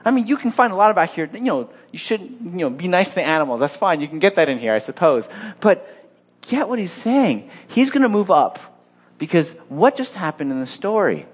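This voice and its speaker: A man's voice: high voice, sing-song, fairly quick, husky. A male pastor preaches a sermon with humor and a casual, talky delivery. He jokes with the congregation and keeps the teaching conversational.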